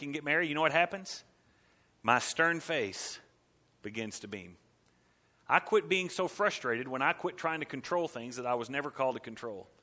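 A man's voice: on the high side, pushed and bright. A man preaching a conversational sermon as a pastor, emphatic and acting out quotes in his talk.

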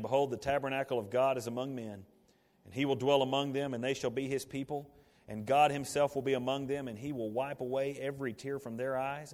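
A male pastor preaching a sermon, building to emphatic peaks and then dropping to quiet asides. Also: mid-range voice. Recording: long hall reverb.

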